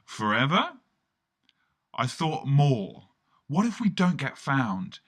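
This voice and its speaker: A man's voice: mid-range voice, big pitch swings, takes it slowly, darkish tone. A man narrating a first-person comic story in a wry, rambling, self-mocking way.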